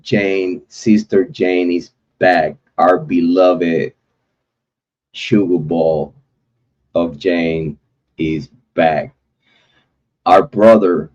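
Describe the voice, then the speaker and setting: A man hosting a true crime livestream, talking loosely and repetitively in slang, giving heartfelt shout-outs to viewers. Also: low voice, highs cut off.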